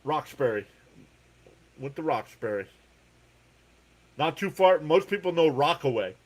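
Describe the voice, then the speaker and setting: A man from New Jersey with a New Jersey accent, hosting a live baseball reaction stream, calling pitches and chatting with viewers' comments. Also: unhurried. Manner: relaxed, chatty, reads viewer comments aloud between pitches. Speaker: live sports reaction host. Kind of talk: live baseball play-by-play and chat.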